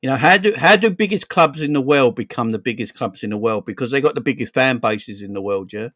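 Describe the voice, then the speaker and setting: South london bloke, 40s, chatty streamer rambling on, mid pitch, dead dry mic. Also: male voice, expressive, fairly quick, dry recording. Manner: rambling, chatty, swears, shouts out viewers. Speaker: football channel host. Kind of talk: casual livestream chat.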